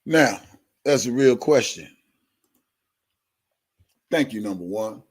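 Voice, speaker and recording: A man's voice: mid-range voice, lively intonation, slow pace. A man hosting a live stream, talking bluntly to his viewers and swearing heavily. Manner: addresses viewers directly. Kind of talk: profane live-stream rant.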